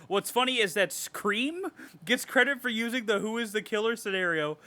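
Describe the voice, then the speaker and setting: A man co-hosting a horror podcast, reading reviews aloud with animated, sarcastic commentary and frequent swearing. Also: sits high, normal speed. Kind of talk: casual podcast chat.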